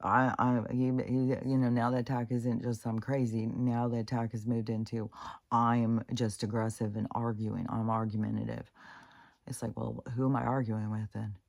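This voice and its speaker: A woman talks heatedly in a loose, rambling monologue, swearing freely and circling back on herself. Her voice is mellow and dark in tone. It is recorded close and dry, with no room sound. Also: a bass voice, flat delivery, normal speed, no room sound. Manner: heated, profane venting; rambling, with restarts and laughs. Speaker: vlogger. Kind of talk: casual spoken monologue.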